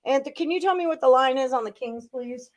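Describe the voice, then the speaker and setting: A woman's voice: sits high, fast. A woman hosting a live sports betting show, reading out viewers' picks and chatting casually.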